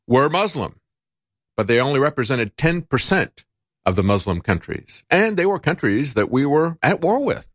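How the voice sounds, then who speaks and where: A man's voice: mid-range voice, no echo. A man hosting a political talk show in a studio, delivering indignant, sarcastic commentary. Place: broadcast studio.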